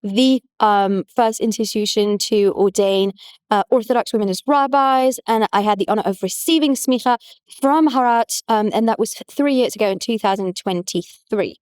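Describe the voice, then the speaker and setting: A woman's voice: medium pitch, normal speed, a little mellow, dry recording, studio quality. A woman, a rabbi talking casually in an interview with lots of "like" fillers. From France. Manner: chatty, many "like" fillers. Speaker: rabbi, guest.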